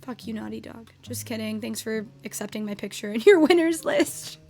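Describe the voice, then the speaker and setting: Young woman streamer with a high voice, gabbing to chat and cursing at the game, soft guitar music behind her. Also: flat delivery, fairly quick, vocal fry. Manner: chatty, swears at the game, talks to viewers. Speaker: streamer teaching game photo mode. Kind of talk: casual live-stream chat. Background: faint guitar music.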